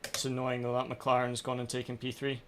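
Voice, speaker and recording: A man's voice: mid-range voice, monotone, fairly quick, slight background noise. A man streaming a racing sim live, ranting in frustration at his own races as he plays. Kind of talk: live gameplay commentary.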